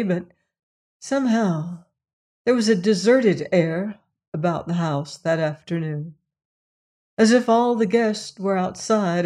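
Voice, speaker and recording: Reading from a novel, this woman narrates an audiobook at a steady, even storytelling pace. The narration is scripted, and her voice sits on the low side.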